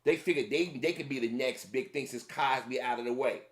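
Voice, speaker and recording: A man's voice: medium pitch, a little fast. A man giving a heated opinion rant, repeating himself and speaking straight to his audience. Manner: heated, repetitive, addressing the audience directly. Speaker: commentator.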